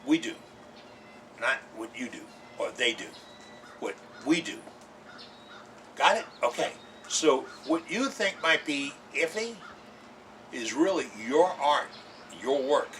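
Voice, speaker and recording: A man's voice: medium pitch, sing-song, slow pace, pauses often, fairly bright tone, far from the mic, a little hiss or hum. A man hosting a woodturning show, talking in a folksy, emphatic instructional way and repeating his key points with jokey asides. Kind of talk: folksy instructional talk to camera.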